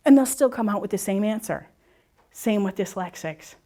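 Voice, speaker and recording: A woman leading a workshop for teachers, explaining reading rules step by step with quick questions and answers. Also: medium pitch, lively intonation. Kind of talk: presentation to teachers and parents.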